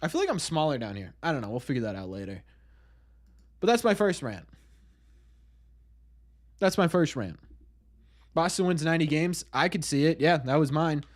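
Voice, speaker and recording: A man hosting a casual live stream, greeting viewers in chat by name and ranting excitedly. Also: fairly high pitch, normal speed, long pauses.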